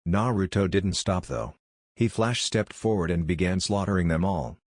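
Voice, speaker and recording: A man narrating a fan fiction story in an even, steady reading. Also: deep voice, moderate pace, no room sound, studio quality.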